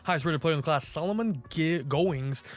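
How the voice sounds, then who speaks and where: A young man casually commenting on his own video game play, excitable and slangy, swinging between hype and groaning. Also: fairly high pitch, a little fast, soft background music. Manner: slangy, says bro. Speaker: gaming YouTuber.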